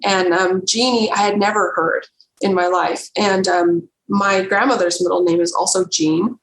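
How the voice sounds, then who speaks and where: An earnest woman recounts a personal story with feeling, often stopping and restarting mid-thought. Her voice sits in a middle pitch. It carries a roomy echo over a faint background hiss. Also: fairly even intonation. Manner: earnest, emotional, halting storyteller. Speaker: podcast guest.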